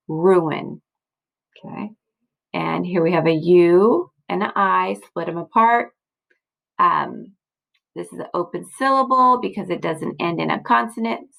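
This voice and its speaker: Patient teacher woman with gravelly voice. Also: fairly low pitch, fairly bright tone, low-quality recording. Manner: patient, encouraging, frequent "okay?" and "right?" checks. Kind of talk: recorded slideshow lesson for kids. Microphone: computer mic, screen recording.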